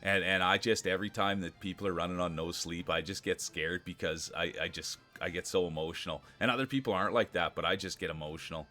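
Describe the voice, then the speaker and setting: A man streaming live, chatting casually and excitedly with his viewers and thanking them by name. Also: sits low, quick pace, few pauses. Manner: excitable, talks straight to chat.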